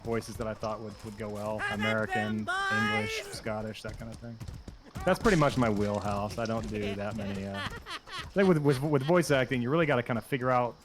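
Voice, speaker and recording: A man's voice: fairly low pitch, brisk. A man, a voice actor, chatting casually and a bit rambling during a game stream. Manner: relaxed and rambling, with frequent fillers. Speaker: voice actor guest. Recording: noisy background.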